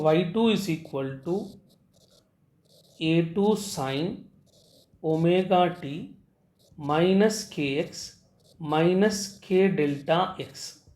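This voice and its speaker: A man teaching physics, explaining step by step and pausing on "uh" before key terms. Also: fairly high pitch, a little mellow. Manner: halting, frequent "uh" before key terms, repeats phrases. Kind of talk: recorded physics lecture at a board. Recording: echoey room.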